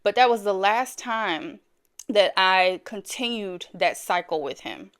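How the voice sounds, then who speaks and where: A woman's voice: medium pitch, animated, slow, fairly bright tone, clean tone. A woman telling a personal story in a casual, chatty way, talking straight to her viewers and repeating phrases for emphasis. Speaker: storyteller host.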